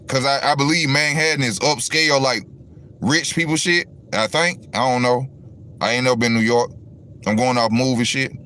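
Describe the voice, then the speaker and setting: Medium in pitch with a fairly bright tone, a male boxing talk host rambles and swears through a casual livestream rant aimed directly at his viewers.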